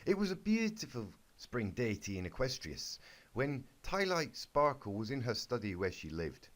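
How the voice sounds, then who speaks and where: A young man giving a halting, deadpan comedic reading of a bad fanfic. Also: mid-range voice. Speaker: YouTuber reading fanfic aloud. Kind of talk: mock-serious comedic reading.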